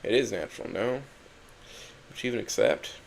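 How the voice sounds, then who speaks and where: Low gravelly young man reading a story. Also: lively intonation, moderate pace, slight background noise, low-quality recording. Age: young adult. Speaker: narrator. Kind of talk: first-person story reading.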